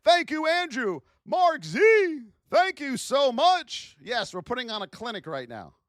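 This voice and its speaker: A woman with a high voice that swings widely between highs and lows runs a live trading lesson. She scolds and exclaims at her viewers, taking her time over each point. The sound is close and dry. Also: very animated, measured pace, dry recording. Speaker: trading educator.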